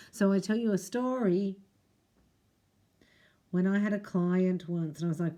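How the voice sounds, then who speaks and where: Mellow low-voiced woman giving a spiritual reading. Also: measured pace. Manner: chatty, addresses the viewer directly, reads prayers aloud. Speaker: spiritual reader and Reiki teacher. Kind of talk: casual reading to camera.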